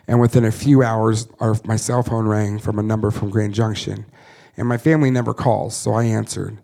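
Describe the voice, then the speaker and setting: A man's voice: on the low side, flat delivery, creaky, mellow. Earnest man telling his testimony. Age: 30s. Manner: earnest storytelling, quick to laugh at himself. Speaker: missionary. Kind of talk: personal testimony story.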